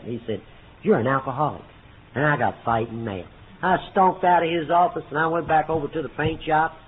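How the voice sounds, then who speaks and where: A man speaking at a recovery meeting, telling his story in a folksy way, booming on punchlines and dropping low for quoted lines. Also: lively intonation, fast. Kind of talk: personal testimony to a meeting. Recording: tinny phone-like recording with faint noise.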